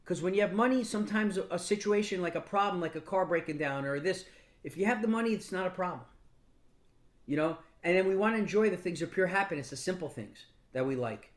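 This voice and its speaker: Brief: higher-pitched man, casual motivational mentor, blunt, swears a bit, stumbles and restarts often. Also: quick pace. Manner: casual, blunt, with mild profanity; frequent restarts and repeated words. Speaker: business mentor speaking to a mastermind group. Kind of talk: motivational storytelling talk.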